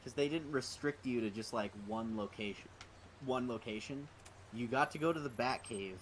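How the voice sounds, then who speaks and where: A man's voice: mid-range voice, normal speed, a little hiss or hum. Chatty man gaming on stream. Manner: chatty, many fillers, complains about the game. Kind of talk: casual gaming stream chat.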